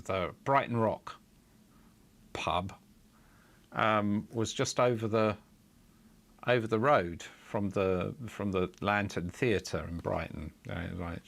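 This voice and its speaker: A man's voice: fairly low pitch, slow, creaky, fairly bright tone. A middle-aged man streaming live coding, talking in a rambling, chuckling way with lots of fillers and restarts, and muttering in exasperation while he debugs. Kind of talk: casual live-stream chat.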